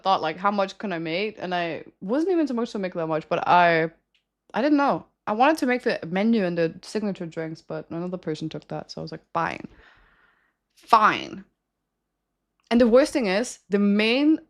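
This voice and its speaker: A young woman streaming and chatting casually with viewers, giggling often and ranting with plenty of swearing. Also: fairly high pitch. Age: young adult.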